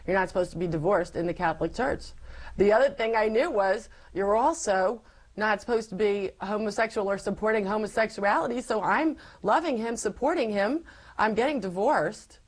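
A woman's voice: mid-range voice, normal speed, poor audio. A woman giving a personal faith testimony as an interview guest, telling her story animatedly and acting out past conversations. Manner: animated storyteller who acts out past dialogue.

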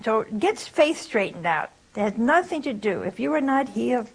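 A woman's voice: on the high side, big pitch swings, normal speed, gravelly, breathy edge, low-quality recording. An older woman giving a spiritual talk, telling folksy stories and asking rhetorical questions. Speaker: religious speaker.

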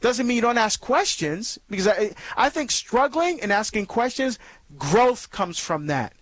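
A man's voice: sits high, sing-song, a little slow, fairly bright tone, no room sound. A man hosting a Catholic call-in radio show, talking earnestly and conversationally with many fillers and restarts. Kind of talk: faith talk radio monologue.

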